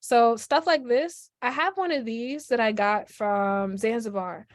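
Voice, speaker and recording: Animated Brooklyn woman on a video call. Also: fairly high pitch, a little slow, no room sound, studio quality. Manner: animated, lots of "like" and "yo", laughs often. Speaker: guest. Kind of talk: casual chat on a video call.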